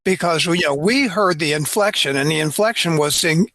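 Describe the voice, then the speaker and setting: A man's voice: a little high, moderate pace, pushed and bright, dry recording. A middle-aged man, a lawyer guest on a podcast, explaining points of law in a chatty way with many "you know" fillers. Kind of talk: casual podcast chat.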